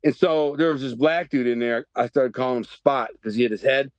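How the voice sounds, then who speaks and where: A man's voice: medium pitch, a little fast, no echo, highs cut off. A middle-aged man from Detroit, telling a rambling story in a podcast interview and often restarting his sentences. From Detroit, Michigan. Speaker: podcast guest.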